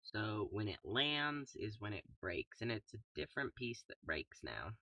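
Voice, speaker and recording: A young man casually commentating his own gameplay in a calm, soft-spoken way, throwing in playful made-up sound words. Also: lowish voice, moderate pace, no echo, distant mic. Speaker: gaming YouTuber.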